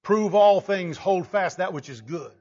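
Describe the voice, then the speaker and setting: A man preaching a conversational sermon, animated, slipping into little voices to quote people. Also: sits high, a little slow, dull audio. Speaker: pastor.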